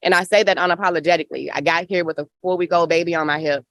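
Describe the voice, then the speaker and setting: A woman's voice: lowish voice, fairly even intonation, racing, dry recording. A woman in her thirties with a Southern accent from Memphis, speaking passionately on a panel with a rhythmic, preacher-like cadence. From Memphis, Tennessee. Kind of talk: panel discussion. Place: outdoor hoop house on a farm.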